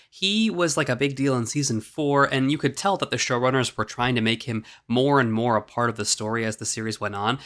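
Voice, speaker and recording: A man with a bright, forceful voice delivers sarcastic, exasperated commentary as the host of a video essay. He swears freely and sounds fed up. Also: medium pitch.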